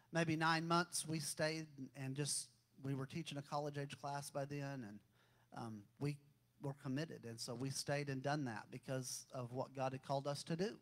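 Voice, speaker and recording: A middle-aged man, a pastor giving a folksy personal testimony in a sermon that builds into fervent, raised exhortation. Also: on the high side.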